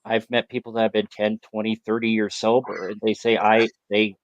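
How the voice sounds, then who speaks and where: Male podcast host: mid-pitched, relaxed, dull lo-fi audio. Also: fairly quick, no room sound. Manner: relaxed, conversational, asks the others questions. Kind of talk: casual chat.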